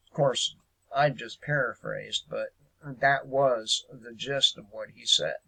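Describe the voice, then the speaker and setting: A man talks through the news in a loose, unscripted rant, stalling on fillers and dropping into sarcasm. His voice has a gravelly fry to it, and he takes his time. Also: medium pitch, fairly even intonation, slow, bright, forceful tone, rough recording. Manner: hesitant and sarcastic, many fillers. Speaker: political commentary host. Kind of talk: casual political rant.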